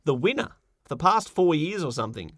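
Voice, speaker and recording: A man's voice: a little high, big pitch swings, fairly bright tone, no room sound, studio quality. A man co-hosting a gaming podcast, chatting casually and playfully as he runs through award winners. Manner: playful, jokey, runs through lists quickly. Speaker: podcast co-host.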